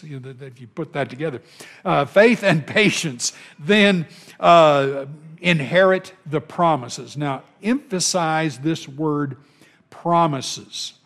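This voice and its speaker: A man preaching a sermon in an earnest, emphatic way, with repeated phrases and small chuckles. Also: sits high.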